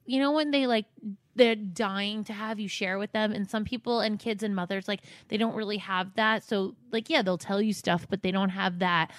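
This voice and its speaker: A woman's voice: medium pitch, steady tone, normal speed, no room sound. A young woman co-hosting a podcast in casual chat, emotional and swearing freely, full of "like" fillers. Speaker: podcast co-host.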